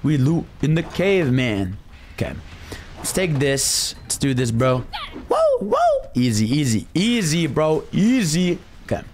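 A young man streams a game from his own room and talks the whole time in a lively, swooping voice. He rambles to his chat, hums little tunes and hypes himself up between moves. A faint background hum sits under his voice. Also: on the high side, unhurried. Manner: chatty, hyped, hums and cheers to himself. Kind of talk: casual gameplay commentary.

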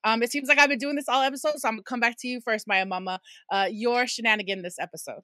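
Bright, dry-sounding woman podcast host. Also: a little high, steady tone, fast talker, no echo. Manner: warm moderator, many affirming mm-hmms. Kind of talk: casual chat.

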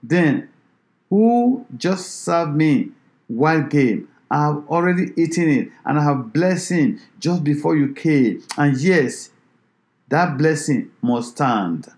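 A man voicing an old biblical father who speaks gravely and slowly, lowering his voice. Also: expressive, darkish tone. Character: old blind father in a Bible story, grave.

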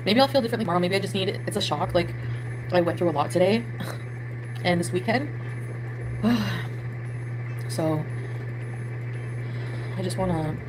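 A woman's voice: on the low side, moderate pace, long pauses, background noise. A young woman vlogging, rambling, swearing and venting about her trip and her friends. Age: young adult. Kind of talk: emotional confessional vlog. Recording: clip with music behind.

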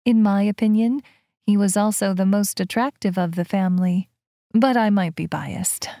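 Female audiobook narrator, mid-range voice, close dry recording, steady storytelling read. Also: medium pitch, normal speed, no echo. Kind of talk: scripted narration.

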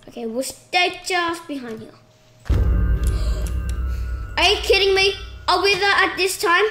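A woman giving casual, excitable commentary while playing a game, shrieking at surprises. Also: very high voice. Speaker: gaming channel host. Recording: echoey room with clear noise.

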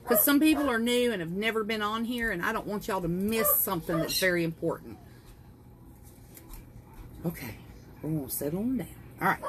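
Chatty Southern woman with a lively voice. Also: medium pitch, slight background noise. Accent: Southern US (South Carolina). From South Carolina, US. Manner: chatty, folksy, greets viewers by name, laughs at herself. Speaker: craft livestream host. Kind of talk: casual livestream tutorial. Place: home kitchen.

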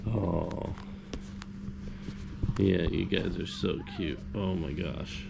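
A man chatting casually to puppies on a vlog, slipping into high sing-song baby talk. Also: steady tone, drawn-out words, gravelly, noisy background. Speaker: vlogger showing puppies.

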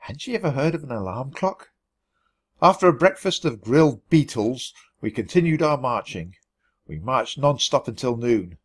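A man reading a children's storybook aloud for learners, in an expressive, animated way. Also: mid-range voice, normal speed, breathy edge. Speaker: storybook reader.

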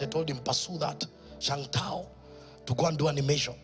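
A man with a Kenyan accent, a pastor preaching a sermon in church, moving from quiet storytelling to loud exhortation. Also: on the high side, fairly quick, soft background music.

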